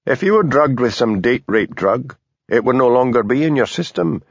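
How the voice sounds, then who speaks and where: A man reading aloud, voicing a patient police constable with a Scottish Highland accent and a mild, dry way of talking. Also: animated, moderate pace, vocal fry, breathy edge, dry recording, lo-fi sound.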